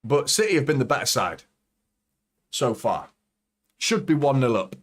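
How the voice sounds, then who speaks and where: A man hosting a live football watchalong, commentating as a fan and swearing a lot as he swings from nervous muttering to shouting. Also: mid-range voice, very animated, moderate pace.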